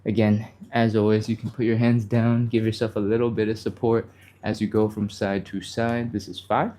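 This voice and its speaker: Mellow-voiced man coaching a live stretch. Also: lowish voice, level tone, normal speed. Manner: talks while exercising, breathy exertion sounds and sighs; encouraging, casual, reads viewer comments aloud. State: a little out of breath. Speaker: stretching instructor. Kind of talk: live follow-along workout instruction.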